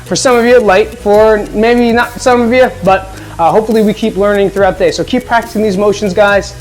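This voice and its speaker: A man's voice: high voice, steady tone, a little fast, soft background music, low-quality recording. A man coaching a home workout, upbeat and encouraging, with a joking streak. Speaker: fitness coach.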